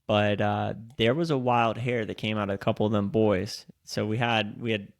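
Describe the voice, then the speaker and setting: A man's voice: on the low side, fairly even intonation, moderate pace. A young man co-hosting a podcast, telling stories in casual chat, swearing freely and acting out what people said. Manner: storytelling with lots of swearing and acted-out quotes. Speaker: podcast co-host.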